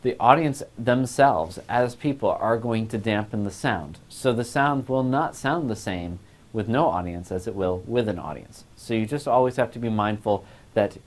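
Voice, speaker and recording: A man's voice: lowish voice, normal speed. A male voice class instructor giving a recorded lecture on a lapel mic, explaining patiently and step by step.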